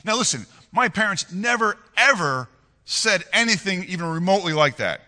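A man in his forties preaching with a very bright, ringing voice that swings widely up and down. He speaks earnestly, often stumbling and repeating words as he tells a personal story. The sound carries a long hall reverb. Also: high-pitched, lively intonation, moderate pace. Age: 40s. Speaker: pastor.

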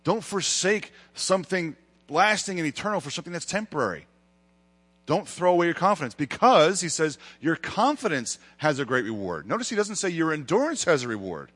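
A man's voice: fairly high pitch, big pitch swings, brisk, fairly bright tone, slightly rough. A male pastor preaching a sermon, with emphatic rises and dramatic retellings of scripture. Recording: long hall reverb.

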